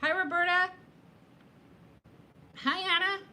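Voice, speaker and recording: A woman in her fifties hosting a casual live chat, talking fast between topics and greeting viewers by name. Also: very high voice, steady tone, bright, forceful tone, a little hiss or hum. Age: 50s. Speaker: livestream host.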